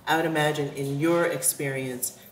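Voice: medium pitch, fairly even intonation, moderate pace. A moderator's voice in a mid range carries across a roomy, echoing space over a faint hiss. The questions are probing and prompting, pushing the speaker to go on. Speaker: workshop moderator. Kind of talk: asking questions in a workshop. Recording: roomy echo with faint noise.

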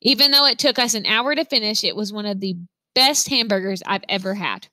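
A woman reading a novel aloud, telling the story in an expressive first-person voice. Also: mid-range voice, fairly quick. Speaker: reader.

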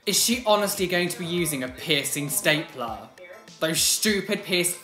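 A woman's voice: lowish voice, lively intonation, moderate pace, a bit bright, soft background music. A woman hosting a reaction video, chatting casually with shocked exclamations and outraged asides. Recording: echoey room.

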